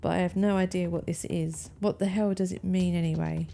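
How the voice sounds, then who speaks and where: A sharp-tongued older woman contestant, read aloud by a woman in a party mystery game. She answers questions curtly and with irritation, in a low, gravelly, mellow voice. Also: fairly even intonation, brisk, slight background noise. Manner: curt, indignant.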